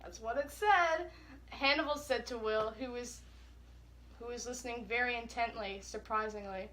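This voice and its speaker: A young woman reads fan fiction aloud to a friend, rushing through it in a flat way. Her voice is bright and a little high, with a crisp edge, and laughter keeps slipping through. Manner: flat, hurried reading broken by giggles. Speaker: co-host.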